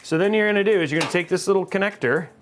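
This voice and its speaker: A man's voice: high voice, very fast, slight background noise. A man hosting a live PC-building stream, joking and chatting with viewers as he works. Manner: animated, jokey, chatting with viewers. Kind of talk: casual live-stream chat while building.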